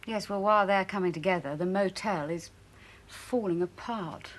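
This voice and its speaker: A woman's voice: mid-range voice, normal speed, natural voice. An actress playing a worried woman defending her family business, anxious and pleading in a television soap. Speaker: motel co-owner. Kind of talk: 1980s television soap acting.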